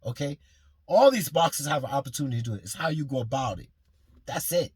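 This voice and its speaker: Male boxing fan-vlogger, passionate and rambling, with a husky tone in a dry, close recording. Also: mid-range voice, animated, a little fast, pauses often, no room sound. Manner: passionate, rambling, swears freely. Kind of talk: casual fan commentary vlog.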